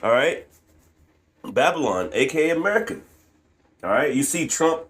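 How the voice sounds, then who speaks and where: Man, fiery scripture commentary, laughs a lot, slightly high voice. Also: sing-song, normal speed, fairly bright tone. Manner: preachy, laughs often, repeats "man" at line ends. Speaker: host reading scripture.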